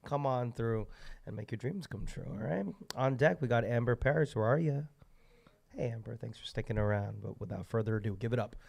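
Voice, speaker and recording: A man hosting an open mic night in an indoor venue, hyping the crowd with loud, slangy call-outs into a stage mic. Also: medium pitch, brisk, creaky. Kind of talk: hyping up the crowd between acts. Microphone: stage microphone.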